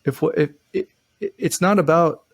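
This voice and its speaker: A man's voice: high-pitched, huge pitch swings, moderate pace. A young man co-hosting a relationship podcast, giving earnest advice in a casual chat with frequent restarts. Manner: earnest, thoughtful, frequent restarts and acted quotes.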